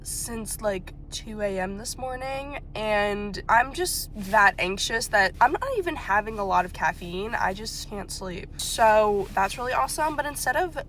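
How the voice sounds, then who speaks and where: A woman's voice: mid-range voice, animated, unhurried, hardly any pauses, a bit bright, a little hiss or hum. A woman in her twenties, a graduate student, chatting casually to camera in a diary vlog, tired and stressed, self-mocking and a bit dramatic.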